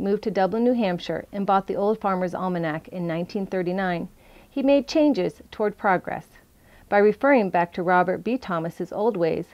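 A woman narrating a documentary in an even, scripted read-aloud delivery. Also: medium pitch, rough recording.

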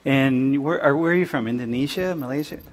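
A man teaching a class in a large lecture hall, joking and teasing his students in loud, casual banter. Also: medium pitch, a little fast. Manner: playful, loud, laughing and prodding students.

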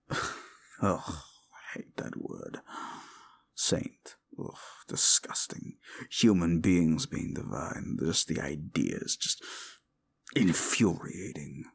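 A man voicing a condescending male demon in an audio drama role-play, sneering and contemptuous, with dark laughs. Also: sits low, lively intonation, slow, creaky, pauses often, husky, heavily acted. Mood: scornful.

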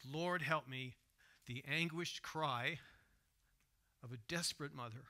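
Bright-voiced preacher with a dramatic delivery. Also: male voice, fairly high pitch. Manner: dramatic, shifting from soft hushed retelling to loud emphatic asides; asks the congregation direct questions. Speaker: pastor. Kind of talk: sermon. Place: church sanctuary.

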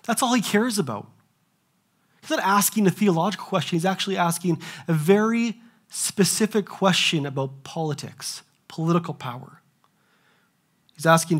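A young man preaching from the pulpit, his voice sitting a touch high for a man. He keeps it animated, firing off rhetorical questions and slipping into the voices of the people he quotes. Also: moderate pace, breathy edge. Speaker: pastor. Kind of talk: sermon.

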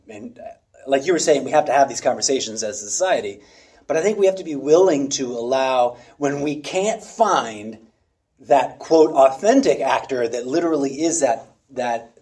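A man in casual conversation about theatre, thoughtful and measured, searching for the right words. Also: medium pitch, animated, dark tone. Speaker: theatre actor and director.

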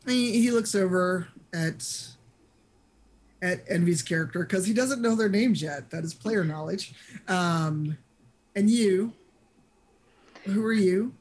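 A woman narrating an online tabletop game as game master, chatty and halting with lots of fillers. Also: fairly low pitch. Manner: chatty, hesitant with many fillers.

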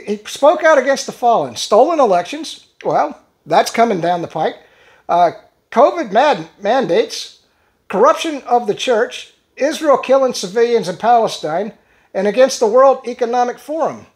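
A man reads social media posts aloud on his own commentary show. He stumbles over words and restarts them, breaking off for sarcastic, conversational asides. The delivery stays loose and unscripted. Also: high voice. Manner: halting, restarts words while reading. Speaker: channel host.

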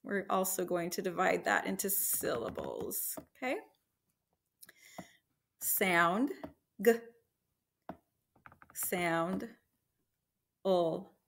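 A woman teacher leading a slow, encouraging phonics lesson for young children, sounding out letters and blending words. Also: on the low side, gravelly, a bit bright, slight background noise.

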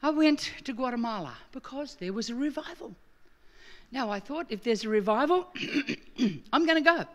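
A woman's voice: on the high side, animated, moderate pace, dull audio. A middle-aged Australian woman preaching a sermon, telling a story and acting out her own quoted lines with animation. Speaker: guest preacher.

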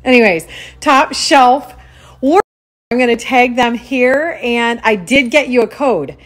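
A woman's voice: on the high side, takes it slowly. A woman in her forties talking casually to her followers as a lifestyle blogger, rambling and poking fun at herself, dropping into mock voices for her own asides. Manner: rambling, self-mocking, animated storytelling with mock-voiced asides. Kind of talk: casual chatty vlog to followers.

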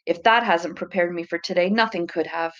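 A woman's voice: lowish voice, fairly even intonation, fairly quick, a bit bright, dull audio, lightly acted. A woman voicing a determined young apprentice. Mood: earnest.

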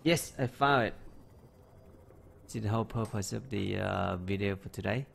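A man's voice: lowish voice, moderate pace, creaky, a little hiss or hum. A man giving live game commentary, talking to himself, exclaiming and joking in broken English. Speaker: gameplay streamer. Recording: faint keyboard typing in background.

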